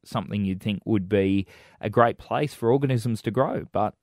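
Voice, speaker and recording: A man's voice: fairly low pitch, normal speed, no echo, clean studio sound. A man with a New Zealand accent, co-hosting a casual tech news chat, hesitant with many ums and restarts. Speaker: co-host.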